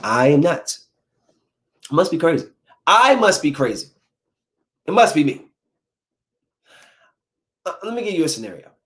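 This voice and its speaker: A man's voice: fairly high pitch, very animated, unhurried, pauses often, a bit bright. A young adult man delivering a comic monologue, full of incredulous rhetorical questions. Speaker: comedian. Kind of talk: stand-up style comic monologue.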